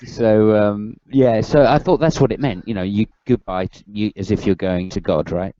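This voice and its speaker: A man in a casual group call, explaining slowly and musing aloud. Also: lowish voice, steady tone, warm tone, dry recording. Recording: dull lo-fi call audio.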